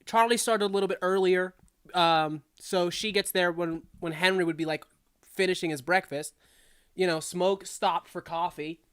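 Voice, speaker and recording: A game master narrating a tabletop game, speaking at a medium pitch. The delivery is loose and conversational, full of "um"s and "like"s. Scene-setting drifts along casually. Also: steady tone, moderate pace, fairly bright tone, clean tone. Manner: loose, chatty narration with frequent fillers and laughs.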